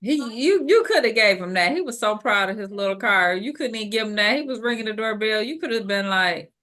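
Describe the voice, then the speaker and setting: Bright-voiced teasing woman co-host. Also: medium pitch, expressive, brisk. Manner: teasing interjections, slangy banter. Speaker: podcast co-host. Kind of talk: casual recap chat.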